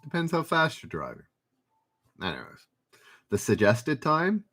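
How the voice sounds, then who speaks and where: A man hosts a live trivia stream, taking his time over each question. His pitch swings widely as he reads out viewers' answers and drops dry jokes between rounds. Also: wildly swooping pitch, measured pace, pushed and bright. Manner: reads questions and chat names, dry asides. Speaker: trivia livestream host. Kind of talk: livestream trivia hosting.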